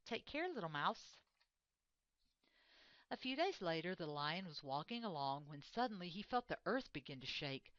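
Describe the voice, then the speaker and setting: A woman reading a picture book aloud, expressive and measured. Her voice sits on the lower side. The recording is dry and a little dull. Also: no echo. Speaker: reader. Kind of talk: storybook reading.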